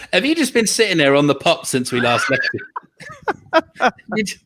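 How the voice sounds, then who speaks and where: A man's voice: high-pitched, sing-song, measured pace, pushed and bright, a little hiss or hum. A man hosting a casual online quiz, chatty and laughing often. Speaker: quiz host.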